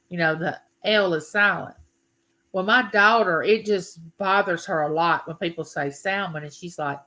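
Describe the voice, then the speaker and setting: A woman's voice: lowish voice, a little slow, sharp tone. A woman hosting a casual live stream, chatting and greeting her viewers by name. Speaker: livestream host.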